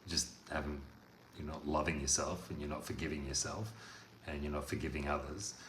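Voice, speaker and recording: A man delivering a blunt, profane motivational monologue as a coach, veering from loud outbursts to quiet talk. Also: a bass voice, steady tone, brisk. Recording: echoey room with faint noise.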